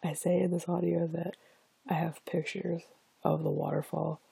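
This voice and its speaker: A man with a sick, rough voice, giving a quiet, half-whispered and rambling note late at night. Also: on the high side, level tone, normal speed, no room sound. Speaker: audio poster adding a note. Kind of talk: casual spoken note.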